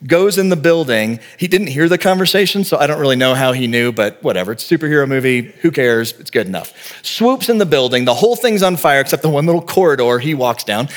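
A pastor in his forties preaches a sermon in an earnest, conversational manner, his voice sitting on the high side. He tells vivid stories and speaks plainly to his congregation.

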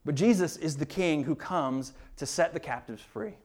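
A man's voice: a little high, animated, normal speed, darkish tone. A male pastor preaching a sermon in an earnest, emphatic way, often repeating words as he builds a point.

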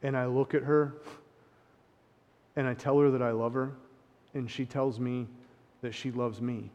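A man preaching a sermon, impassioned, swinging between hushed reflection and emphatic points, with sarcastic asides. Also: medium pitch, fairly even intonation, a little slow, pauses often, dull audio. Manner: sarcastic paraphrasing of opponents. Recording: long hall reverb.

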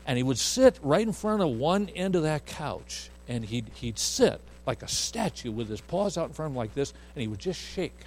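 A male preacher telling a homely story from the pulpit, slipping into the voices of the people he quotes. His voice sits a touch high for a man. Faint noise hums underneath. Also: darkish tone, poor audio. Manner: folksy storyteller who acts out the voices he quotes. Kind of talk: storytelling sermon.

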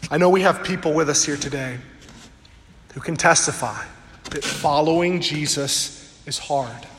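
Earnest male pastor, high voice, sermon in a church with long ringing reverb. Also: a bit bright, a little hiss or hum. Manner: earnest, draws out key words slowly for emphasis. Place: church sanctuary before a congregation. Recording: echoey hall with long reverb.

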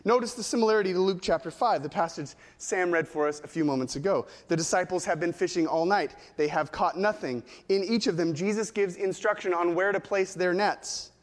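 A man preaching a sermon, teaching in a measured way and posing rhetorical questions to the congregation. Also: high voice. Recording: long hall reverb.

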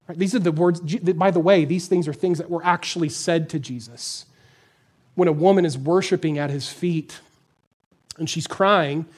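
A pastor preaching a conversational, emphatic sermon in a church, putting questions to the congregation. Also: male voice, sits high.

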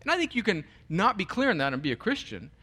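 Male pastor, earnest sermon delivery, bright forceful tone, slightly higher pitch. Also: quick pace, slightly rough. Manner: earnest, animated, with frequent restarts.

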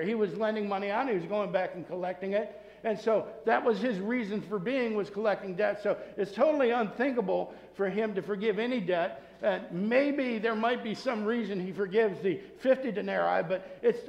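Male pastor, high voice, earnest sermon with loud peaks and soft asides, echoey church sanctuary. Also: dull audio. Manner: earnest preaching, swinging between loud emphasis and soft asides. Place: church sanctuary with masked congregation.

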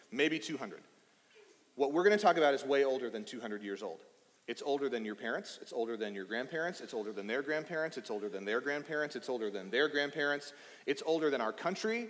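A man in his thirties from East Texas, preaching a casual, playful sermon and talking with the children in the congregation. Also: mid-range voice. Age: 30s. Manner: playful and chatty, addressing children. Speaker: pastor. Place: church sanctuary. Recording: reverberant hall.

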